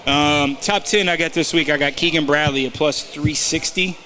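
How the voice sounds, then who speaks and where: A man's voice: fairly high pitch, steady tone, normal speed, sharp tone. Rambling man talking golf bets. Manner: rambling, with many fillers and restarts. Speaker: podcast co-host giving betting tips. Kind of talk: casual chat.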